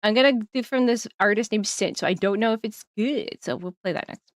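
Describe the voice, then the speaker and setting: A woman's voice: mid-range voice, brisk, no echo, studio quality. A woman streamer chatting casually on a live stream, giggling often and rambling through plenty of fillers.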